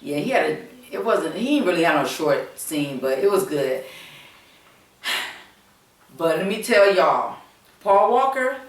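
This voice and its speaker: A woman's voice: low-pitched, expressive, unhurried, long pauses. A woman vlogger chatting casually to her viewers, rambling and hesitant, with many fillers and repeated words. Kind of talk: casual rambling chat to camera. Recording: echoey room, mic set far off.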